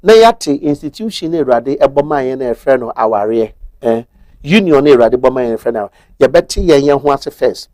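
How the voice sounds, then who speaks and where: A man's voice: medium pitch, animated, fast talker, darkish tone, dry recording. Methodical Ghanaian man explaining law. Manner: methodical, switches between Twi and English. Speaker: guest explaining marriage law. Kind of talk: explanatory TV talk-show discussion.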